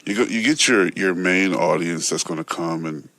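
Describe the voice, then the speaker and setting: Deep-voiced male host chatting. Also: normal speed, bright, forceful tone, no room sound. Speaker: podcast host. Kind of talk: casual chat.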